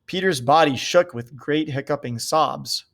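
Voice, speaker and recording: A man reading a novel aloud in a steady, measured way. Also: a little high, gravelly. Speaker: reader.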